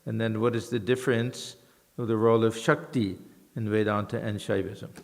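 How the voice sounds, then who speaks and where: A man's voice: on the low side, steady tone, a little mellow. Male audience member posing a careful, formally phrased question, heard with hall reverb. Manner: measured, formally worded question. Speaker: retreat participant asking a question.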